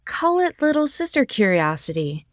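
A woman's voice: a little high, very animated, moderate pace, no echo, clean studio sound, voice pushed up. A woman voicing a bubbly, reckless young woman who is someone's little sister, eager and bossy. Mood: playful.

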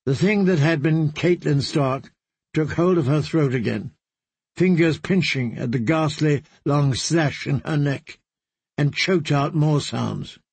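A man reading a fantasy novel aloud with measured, grave narration. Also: fairly high pitch, creaky, breathy edge, dry recording. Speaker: audiobook reader.

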